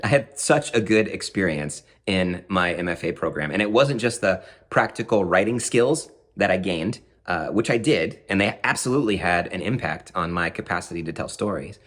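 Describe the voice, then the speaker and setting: A man telling a personal story in a lively, conversational way with frequent asides. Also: sits low, normal speed, hardly any pauses.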